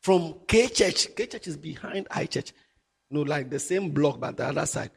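A middle-aged man with a Ghanaian accent, preaching a sermon as a pastor, animated and mixing English with Twi. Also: a little high, moderate pace, slightly rough.

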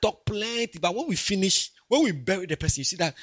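Ghanaian male pastor, high husky voice, animated sermon delivery. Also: brisk, hardly any pauses. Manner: animated, swings from quiet asides to loud emphatic preaching.

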